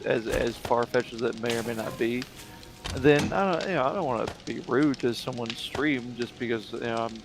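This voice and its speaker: A man's voice: medium pitch, noisy background. A young man streaming a game, chatting casually in a rambling way with many fillers and restarts.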